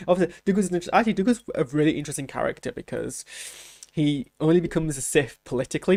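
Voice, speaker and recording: Male reaction host, casual commentary, gravelly voice, dry close sound, rambles and restarts a lot. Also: mid-range voice, darkish tone, no echo. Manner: rambling, thinking aloud with many restarts.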